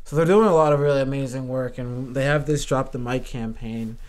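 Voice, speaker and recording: A man speaking as a podcast guest, talking in a loose, animated way, full of "like" and casual swearing. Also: mid-range voice, a little fast. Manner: animated, heavy use of "like", swears freely. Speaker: guest, Air Force veteran.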